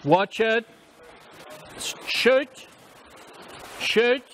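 A man coaching swimmers at a pool, calling out short repeated instructions and quick praise. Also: extremely high pitch, fairly bright tone, slight background noise. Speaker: swim coach. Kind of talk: poolside coaching commands.

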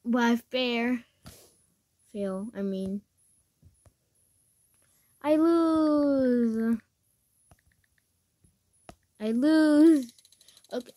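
A woman giving casual, excitable commentary while playing a game, gasping, giggling and squealing when scared. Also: a little high, very slow, pauses often, no echo. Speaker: gamer recording her play.

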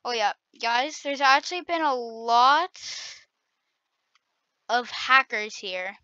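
A woman hosts her own gaming video, commentating excitedly as she plays and trash-talks the other players. Her voice sits high and sounds bright and sharp, and she talks at an easy, unhurried pace. The recording is dry and dull, with a lo-fi quality. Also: clean tone, no room sound. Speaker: gaming channel host. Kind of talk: gameplay commentary.

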